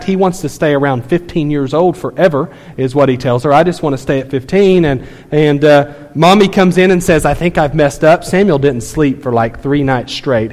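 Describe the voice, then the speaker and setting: A man in his thirties preaching a sermon, telling a family story in a conversational way with many fillers. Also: fairly high pitch. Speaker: pastor. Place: church sanctuary. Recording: long hall reverb.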